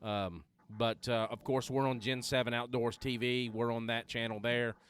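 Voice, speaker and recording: Casual male podcast co-host, rambling and relaxed, faint hiss. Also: mid-range voice, moderate pace. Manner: easygoing, rambling with fillers. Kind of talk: casual chat.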